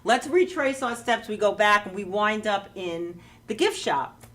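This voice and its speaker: Bright-voiced woman. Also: mid-range voice, lively intonation, measured pace, far from the mic. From New York. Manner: rambling with restarts and laughter. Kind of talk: casual anecdote.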